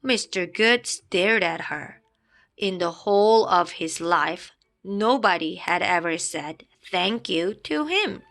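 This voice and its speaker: This storybook reader has a fairly low-pitched woman's voice with lively intonation and a fairly bright tone, reading slowly. She performs a children's picture book dramatically and playfully, sound effects included, over faint background music.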